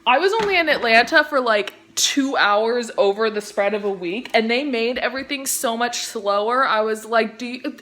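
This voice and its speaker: A woman's voice: on the high side, moderate pace, hardly any pauses, a bit bright. A young woman with a Californian accent, from the Central Valley, chatting casually and rambling off on tangents, with lots of "like" and casual swearing, while she cooks in her home kitchen and films on a phone held in one hand. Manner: rambling, easily sidetracked, heavy "like" filler, swears casually. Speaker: vlogger. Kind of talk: casual storytime chat.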